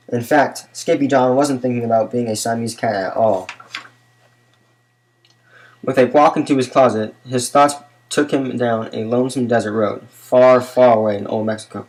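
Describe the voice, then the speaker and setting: A man reading a children's picture book aloud in a measured, unhurried way. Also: medium pitch, steady tone, darkish tone, rough recording. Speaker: narrator.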